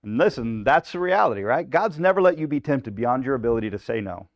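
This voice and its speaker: A man's voice: medium pitch, big pitch swings, fast, lo-fi sound. A male pastor teaching a live Bible study in a conversational preaching style, often checking in with "right?" and acting out people's inner voices.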